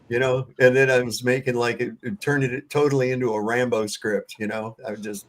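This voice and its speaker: A man's voice: medium pitch, fairly even intonation, a little fast, few pauses. A man hosting a casual livestream panel chat, telling stories in a loose, profane way and laughing often. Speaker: livestream host.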